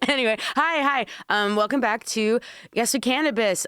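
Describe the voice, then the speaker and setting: A woman hosting a casual podcast, chatty and quick to laugh, with casual swearing. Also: on the high side, a bit bright, clean tone, dry recording, studio quality. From Washington State. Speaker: podcast host, cannabis consultant.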